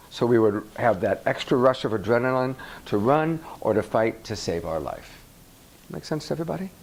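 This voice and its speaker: A male coach speaking to a workshop audience in a lively, swooping voice. He checks in with the room often and acts out little examples as he explains. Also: mid-range voice, poor audio. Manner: animated, asks the audience questions, acts out examples. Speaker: relationship coach. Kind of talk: workshop talk to a live audience.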